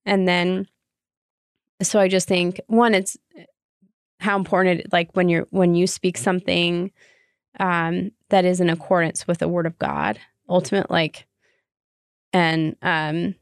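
A woman's voice: lowish voice, measured pace, long pauses, clear, resonant tone, dry recording, studio quality. A young woman co-hosting a casual faith-based podcast, chatty and rambling, with many restarts. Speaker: podcast co-host.

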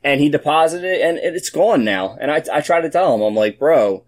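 A man's voice: fairly high pitch, animated, fairly quick. A man co-hosting a casual trading podcast, talking in a laid-back, slangy way. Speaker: podcast co-host.

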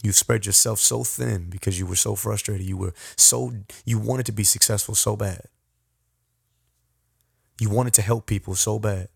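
A man hosting a podcast, telling a personal story with animated, repetitive, self-deprecating motivational talk. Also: on the low side, vocal fry, breathy edge, no room sound, studio quality. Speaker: podcast host.

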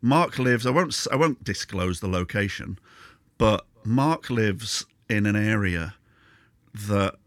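A British man hosts a casual podcast, teasing his guest with sarcastic quips. His voice sits low and the sound is close and dry. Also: expressive, slow, dry recording. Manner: teasing, sarcastic banter with frequent laughs. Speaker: podcast host. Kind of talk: casual chat.

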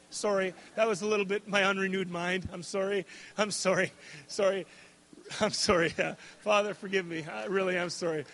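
A man's voice: high-pitched, steady tone, moderate pace, fairly bright tone. A man preaching a casual, conversational sermon, checking in with "okay?" and adding jokey asides. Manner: conversational, tags lines with "okay?" and "right?".

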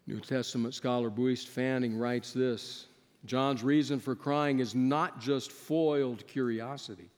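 A male preacher giving a sermon, swinging between loud rising questions and hushed, near-whispered lines. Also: mid-range voice, steady tone, a little slow, big-room sound.

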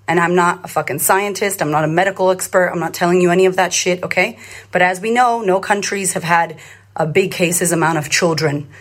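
A woman in her thirties from Australia who coaches confidence, talking to her followers on a phone camera. Her voice sits a little low, and she speaks bluntly and with emphasis. She swears often and drives her points home by repeating them. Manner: repetitive, rallying cadence. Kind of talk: live social media talk to followers.

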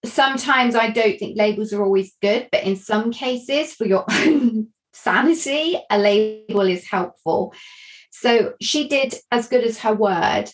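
A woman speaks in a fairly high voice. She talks candidly and earnestly about her own experience, reflecting as she goes and sometimes restarting a phrase. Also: a little slow, rough recording. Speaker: guest sharing a personal story. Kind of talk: candid personal storytelling.

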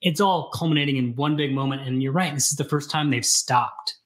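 A man's voice: fairly high pitch, fairly quick, fairly bright tone. A man co-hosting a casual book discussion, rambling with lots of fillers and restarts. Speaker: podcast co-host.

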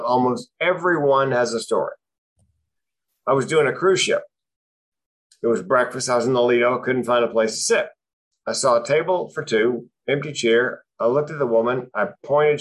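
A man's voice: medium pitch, fairly bright tone. A man, a comedian and speaker, telling personal stories about depression with dry, punchline-driven timing. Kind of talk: comic storytelling on mental health.

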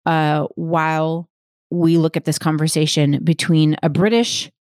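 A woman's voice: low voice, little pitch movement, unhurried, a little mellow, no room sound, studio quality. A woman hosting a solo podcast, reading quotes aloud and then breaking them down point by point, often checking in with "right?". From Texas, United States. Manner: explains step by step, checks in with "right?" and "okay?". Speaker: podcast host and coach.

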